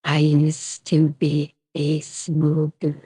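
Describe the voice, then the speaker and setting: A streamer talking through an AI voice changer that turns the voice into a low, husky woman's voice, chatting wryly during a live stream. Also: completely flat delivery, extremely slow, warm tone, no echo.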